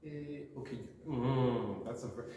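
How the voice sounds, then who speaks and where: A young man guesting on a podcast chats casually, rambling and self-deprecating, with lots of fillers. His voice is medium-pitched and dark in tone, and he speaks unhurriedly. The recording, made in a room on a university campus, is echoey and noisy with the mic far off.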